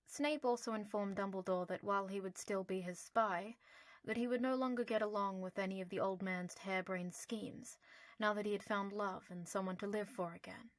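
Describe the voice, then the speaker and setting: A woman narrating an audiobook in a lively, playful storytelling manner. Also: medium pitch, normal speed, no echo.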